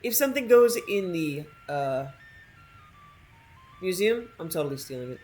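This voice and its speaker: Playful woman gamer, snarky running commentary, slightly low voice. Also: animated, moderate pace, darkish tone, faint music behind. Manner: snarky, playful, talking back to characters. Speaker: gamer streaming a playthrough. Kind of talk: casual gameplay commentary.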